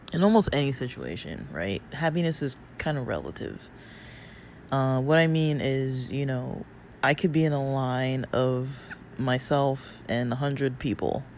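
A hoarse-voiced man speaks unhurriedly to his viewers, clearing his throat now and then. He wanders through his thoughts with plenty of ums and you-knows. A fan hums faintly behind him. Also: medium pitch. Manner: rambling, lots of fillers, loses his thread. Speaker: vlogger. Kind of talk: casual reflective talk to viewers. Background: faint fan hum.

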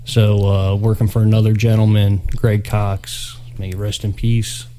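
Easygoing man, slightly low voice. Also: level tone, measured pace, dark tone, slight background noise. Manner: easygoing, rambling storyteller. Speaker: podcast guest. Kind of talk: casual chat.

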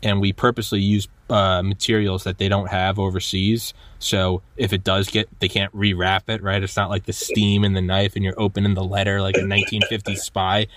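A man hosting a podcast, telling stories in a lively, animated way and acting out quotes. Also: deep voice, fairly quick, hardly any pauses. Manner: animated storyteller, acts out quotes, many restarts. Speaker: podcast host. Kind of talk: casual conversation.

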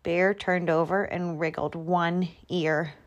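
A woman reading a children's picture book aloud, slow and expressive. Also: on the low side, muffled recording. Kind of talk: storybook read-aloud.

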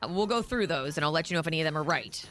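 A woman co-hosting a morning radio show, reading listener texts and trading quick, sassy banter in a radio studio. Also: deep voice, expressive, fairly bright tone, soft background music.

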